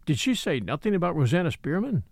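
A man's voice: fairly high pitch, sing-song, fast talker, vocal fry, no room sound, clean studio sound, full character voice. A man doing an old, fatherly house steward. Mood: earnest. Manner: earnest, confidential. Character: loyal elderly male house steward, fatherly. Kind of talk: audiobook character reading.

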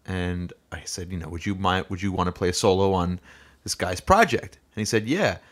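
A man's voice: low-pitched, animated, brisk. A man co-hosting a podcast, chatting loosely with lots of fillers and restarts. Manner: rambling, frequent fillers and restarts. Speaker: podcast co-host and musician. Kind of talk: casual podcast chat.

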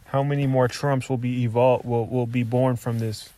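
A man's voice: medium pitch, level tone, moderate pace, warm tone. A young adult man, a comedian hosting a podcast, bantering loosely, swearing freely and often restarting his sentences.

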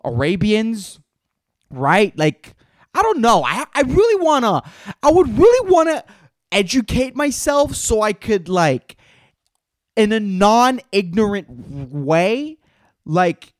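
A man's voice: sits high, no echo. A man rambles through a solo podcast in a voice that swoops up and down with animation. He talks like a stand-up comic, loose and profane and full of fillers. The sound is dry and close, with no room around it. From Puerto Rico. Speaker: podcast host and stand-up comedian.

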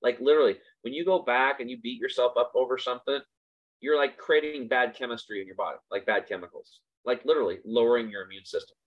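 Hosting a relaxed motivational talk, this medium-pitched man speaks fast and with emphasis, repeating himself to drive points home. The sound is lo-fi and a bit dull.

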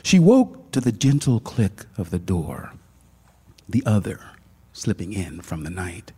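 A man narrating a literary short story in a hushed, dramatic manner. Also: lowish voice, very animated, a little slow, husky.

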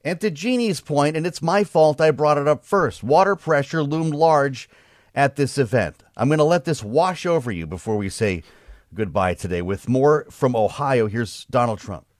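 A man's voice: mid-range voice, moderate pace, dry recording, clean studio sound. A male host leading a political discussion with a conversational, quipping manner.

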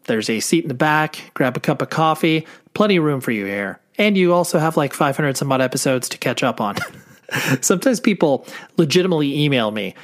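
A man's voice: on the high side, lively intonation, a little fast. A man hosting a podcast, giving a chatty, upbeat introduction and repeating words for emphasis. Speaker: podcast host.

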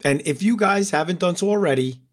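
A man's voice: high-pitched, a little fast. A man co-hosting a podcast in casual chat, hesitant and self-deprecating. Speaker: podcast co-host.

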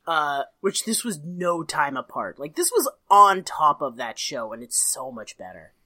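A woman's voice: low voice, big pitch swings, measured pace, pushed and bright, no room sound. A woman co-hosting a podcast in casual chat, joking and laughing often as she recaps an old TV show. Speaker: podcast co-host.

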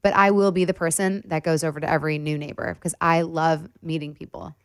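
A woman from Michigan, chatting as a guest in an expressive, talkative way. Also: deep voice, brisk, dry recording, studio quality. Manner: chatty and expressive with laughs and exclamations. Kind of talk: casual interview chat.

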